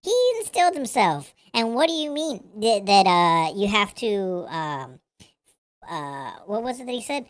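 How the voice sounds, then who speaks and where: A woman's voice: mid-range voice, very animated, unhurried, dry recording. A woman hosting a reaction commentary, talking bluntly and profanely, with lots of fillers. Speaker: commentary host.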